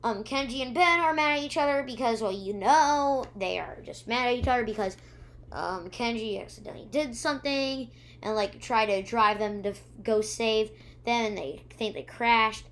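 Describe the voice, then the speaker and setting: A female video reviewer recaps episodes in a meandering way, with lots of ums and restarts, acting out lines from the characters. Her voice is on the high side at a moderate pace.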